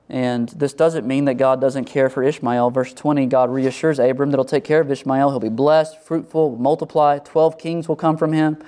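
A middle-aged male pastor preaching a sermon, animated, acting out the voices of biblical figures and church members. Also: medium pitch.

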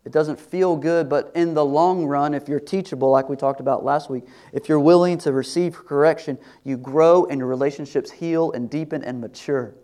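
A middle-aged man preaching a sermon to his congregation in a conversational way, sometimes dropping to a soft, confiding tone. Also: on the high side, steady tone, moderate pace, hardly any pauses. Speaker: pastor.

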